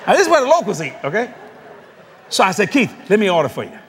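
Lively high-voiced New preacher. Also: male voice, quick pace, big-room sound, a little hiss or hum. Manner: animated, laughing storyteller who mimics voices. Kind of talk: storytelling sermon.

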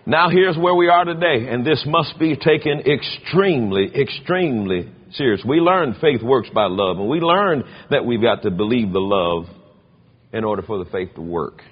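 A man preaching a sermon, telling stories in an animated way with big swings in pitch. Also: moderate pace, slightly rough. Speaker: pastor. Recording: dull lo-fi sound.

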